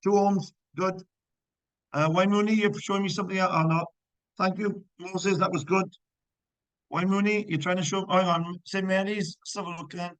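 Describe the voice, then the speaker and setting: A man's voice: high-pitched, steady tone, moderate pace, a bit bright, no echo, low-quality recording. A man teaching physics in a live online class, checking students' answers with encouragement and working through problems step by step.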